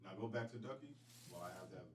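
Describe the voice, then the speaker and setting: A young man co-hosting a podcast, skeptical and slangy, swinging from muttering to shouting. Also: deep voice, rapid-fire. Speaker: podcast co-host. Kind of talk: casual chat.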